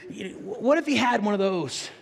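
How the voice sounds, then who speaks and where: A pastor with a high-pitched, creaky voice preaches fairly quickly, telling earnest, animated stories with stammered restarts and then leading a prayer. The recording has a little hiss or hum and the long reverb of a large hall.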